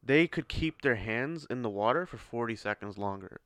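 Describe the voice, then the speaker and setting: A man's voice: mid-range voice, expressive, normal speed, a bit bright, no room sound, studio quality. A man co-hosting a casual podcast chat with his son, teasing him and laughing often. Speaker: podcast co-host.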